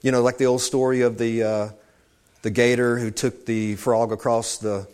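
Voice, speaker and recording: A man's voice: medium pitch, level tone, normal speed, darkish tone, clear, resonant tone. A man preaching an informal sermon, talking conversationally and wandering into asides, calling his listeners saints.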